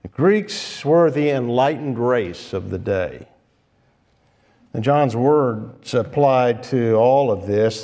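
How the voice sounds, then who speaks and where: A man preaching a sermon in a church, explaining scripture in a measured, unhurried way with pauses and occasional restarts. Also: mid-range voice, mellow.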